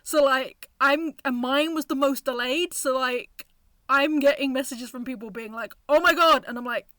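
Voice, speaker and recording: A woman's voice: high voice, steady tone, moderate pace, sharp tone, no echo. A young woman co-hosting a podcast, talking in a bubbly, casual way and saying "like" a lot. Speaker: podcast co-host. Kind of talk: casual chat.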